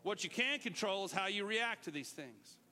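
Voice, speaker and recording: A middle-aged man preaching a lively sermon, sometimes shouting out words to show what they mean. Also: sits high, moderate pace, big-room sound, faint music behind. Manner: animated, shouts out words to demonstrate. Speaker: pastor.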